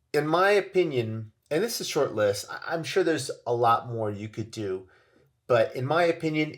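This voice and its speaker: A man giving an informal Bible teaching on parenting, emphatic, repeating his points and asking rhetorical questions. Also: medium pitch.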